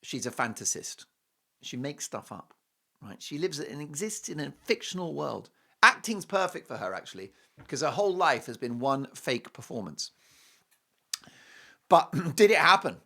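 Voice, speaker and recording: A man's voice: fairly high pitch, sing-song, normal speed, bright, forceful tone. A man hosting an opinionated commentary show, speaking in a scornful, sarcastic and emphatic way. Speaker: host.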